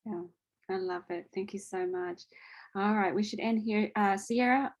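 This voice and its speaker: A woman's voice: medium pitch, moderate pace. Gushing woman hosting a video call. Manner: gushing, animated storytelling with many fillers. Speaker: panel host. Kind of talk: casual video call chat.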